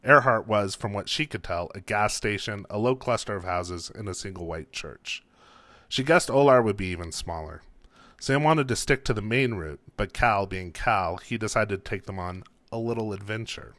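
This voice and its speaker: Male author reading his story, low voice, calm, dry close sound. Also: moderate pace, no echo. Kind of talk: reading his own fiction aloud.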